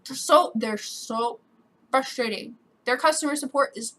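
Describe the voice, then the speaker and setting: A woman's voice: a little high, fairly even intonation, a little fast, gravelly, fairly bright tone. A young woman vlogging about a frustrating experience, emotional and swearing, with her voice breaking at times. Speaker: gaming YouTuber. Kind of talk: upset personal vlog rant.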